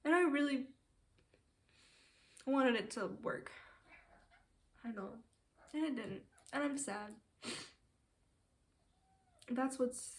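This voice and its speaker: A sad, teary woman with a somewhat high voice records a confessional video diary at home. She rambles and halts, restarting her sentences. Now and then she drops into a soft whisper. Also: slow, pauses often. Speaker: vlogger.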